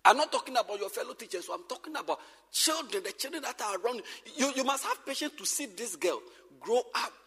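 Male pastor, sermon, husky and bright, animated shouts to whispers, reverberant hall. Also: very high voice, quick pace. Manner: animated, repeats phrases, swings from shouting to whispering. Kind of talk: sermon to church workers.

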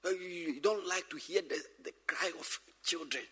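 Male pastor, sermon, husky and bright, animated shouts to whispers, reverberant hall. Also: high-pitched, normal speed. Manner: animated, repeats phrases, swings from shouting to whispering. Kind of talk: sermon to church workers.

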